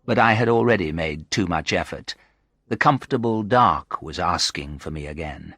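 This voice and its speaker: A male storyteller reads graded-reader narration in a low, bright, dry voice. His delivery is slow, clear and expressive, with no room sound.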